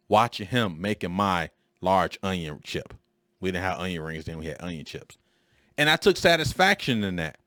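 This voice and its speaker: Animated storytelling man, dry close sound. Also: sits low, no echo. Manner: animated, emphatic, repeats "freaking" for emphasis. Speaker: podcast host. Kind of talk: storytelling monologue.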